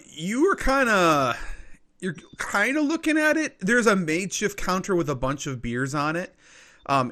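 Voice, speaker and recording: A man's voice: medium pitch, bright, forceful tone. A man narrating a tabletop game as game master, in a loose, casual way.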